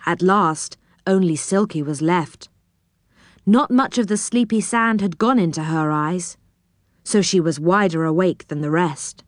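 A woman reading a children's story aloud in an expressive, animated way. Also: on the low side, measured pace, no room sound, studio quality.

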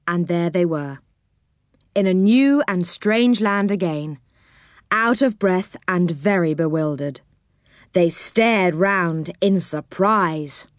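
Woman storyteller, steady bedtime-book narration, dry close sound. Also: fairly low pitch, takes it slowly, dry recording.

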